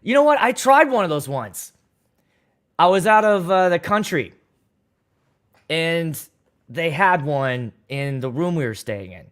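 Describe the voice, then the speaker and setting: Guy hosting a livestream, kinda high voice, rambly and jokey, reads the chat out loud. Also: sing-song, unhurried, pauses often. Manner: loose, joking and rambling, with crude humor. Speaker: DJ and livestream host. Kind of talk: casual livestream chat, reading viewer comments. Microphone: studio microphone.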